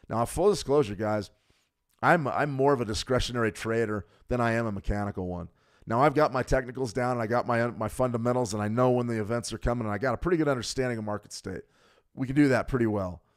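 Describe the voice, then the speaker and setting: A man hosting a live trading stream, coaching viewers in a casual way, his throat a bit choked up from smoke. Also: mid-range voice. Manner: conversational, coaching, talks to viewers directly. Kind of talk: live market commentary.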